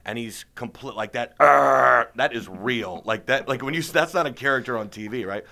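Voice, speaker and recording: A man's voice: medium pitch, fairly quick, sharp tone. A man being interviewed as a stand-up comedian, telling rambling jokey stories in casual chat. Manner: joking, rambling storyteller.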